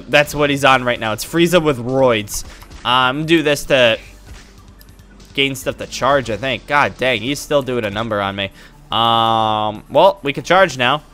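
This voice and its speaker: A man giving goofy, excitable commentary while playing a video game. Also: mid-range voice. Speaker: gaming YouTuber. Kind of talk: casual let's-play commentary.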